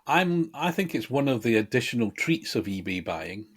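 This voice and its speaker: A man's voice: mid-range voice, very animated, normal speed, slight background noise. A man co-hosting a podcast, making wry, digressive asides. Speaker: podcast co-host. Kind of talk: casual chat.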